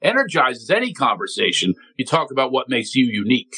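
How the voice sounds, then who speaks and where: A comedian guest from Philadelphia, telling stories on a talk show and acting out other people's voices. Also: male voice, medium pitch, fairly quick, slightly rough, low-quality recording. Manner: animated storyteller, acts out voices of others. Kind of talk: energetic talk show chat.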